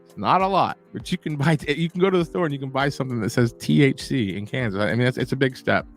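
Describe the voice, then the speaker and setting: A man hosting a casual show, telling a long story in an animated, profane, rambling way. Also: mid-range voice, fast talker, soft background music.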